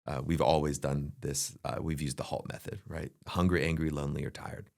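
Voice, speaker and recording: Very low gravelly middle-aged man. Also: fairly even intonation, a little fast, darkish tone. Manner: earnest, advice-giving, acts out family dialogue. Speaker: podcast co-host. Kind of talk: casual leadership chat.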